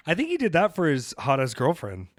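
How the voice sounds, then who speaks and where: A man hosting a podcast, telling rambling stories in a lively, animated way, swearing casually. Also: a little high, fairly quick, dry recording, studio quality. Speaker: podcast host.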